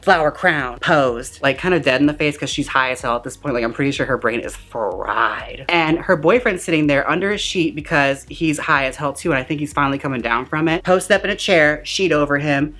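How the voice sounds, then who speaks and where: A woman's voice: low-pitched, fairly bright tone. A woman giving a campy, comedic movie recap in a sassy, slang-filled way, acting out the characters' lines as she goes. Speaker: movie reviewer.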